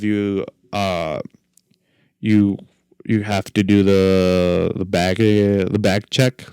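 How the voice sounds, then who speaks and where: A man's voice: fairly low pitch, darkish tone, clean tone, no echo. A young man hosting a podcast on his own, telling rambling stories with jokes and self-deprecating asides. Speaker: podcast host. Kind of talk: solo podcast chat.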